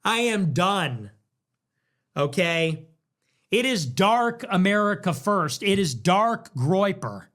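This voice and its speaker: A man's voice: high voice, very animated, slow pace, a bit bright. A young man hosting a livestream, ranting in an angry, indignant, preaching monologue. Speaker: political livestream host.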